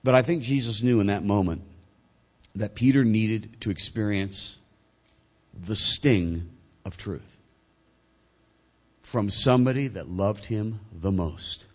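A male pastor delivering a sermon, swinging between loud emphatic points and quiet, low asides. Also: slow pace, long pauses.

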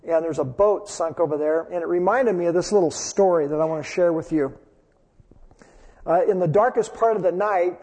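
A pastor preaching a sermon in a church sanctuary, earnest and storytelling. His voice is high and gravelly, with a husky edge, and it trails off into a long hall reverb. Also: warm tone. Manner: storytelling, earnest, uses repetition for emphasis.

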